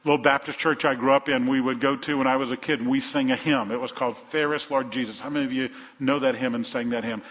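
A man preaching a sermon as pastor, dramatic, swinging between hushed and loud delivery. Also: mid-range voice, steady tone, fast talker, hardly any pauses. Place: church sanctuary. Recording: dull, long-reverb church hall.

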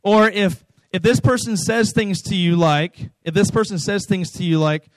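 A man's voice: high-pitched, normal speed, dry recording, low-quality recording. A man in his thirties giving a casual, conversational sermon as a pastor, often repeating his words for emphasis.

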